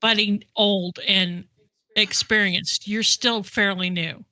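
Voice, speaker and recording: A woman with a bright, sharp voice at a tabletop game, blunt and teasing. Dry, close sound. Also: medium pitch, steady tone, measured pace, dry recording. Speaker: player. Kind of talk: tabletop role-play chat.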